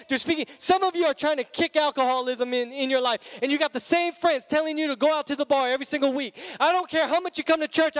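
Man preaching, high voice, emphatic and repetitive, long hall reverb, faint music. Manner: emphatic, repetitive, rising to shouts. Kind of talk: sermon. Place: church sanctuary.

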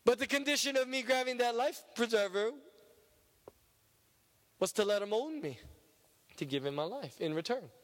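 Male preacher, high voice, emphatic sermon delivery, long hall echo. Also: expressive, moderate pace, pauses often. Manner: emphatic, rising and dropping to a hushed low voice.

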